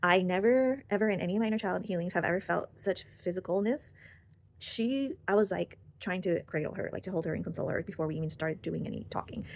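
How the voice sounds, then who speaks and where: A woman's voice: on the low side, fast, vocal fry, slight background noise. A young woman sharing a personal story in casual, rambling talk full of fillers and restarts, recorded close on the mic. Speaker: channel host.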